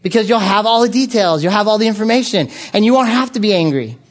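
A man preaching a sermon from the United States, telling stories in an animated way with frequent filler words. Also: high-pitched, fast. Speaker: pastor.

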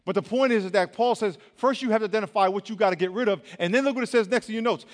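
Brief: young male youth pastor, high voice, lively casual preaching, hall echo. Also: racing, few pauses. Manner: animated storytelling, swings from loud to hushed; colloquial, says y'all. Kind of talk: sermon. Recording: long reverb of a large hall.

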